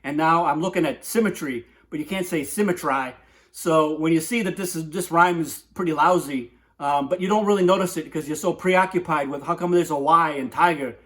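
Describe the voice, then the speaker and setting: A man's voice: fairly high pitch, brisk, a bit bright. A man hosting a comic poetry talk in a rambling, digressive monologue, constantly asking "right?".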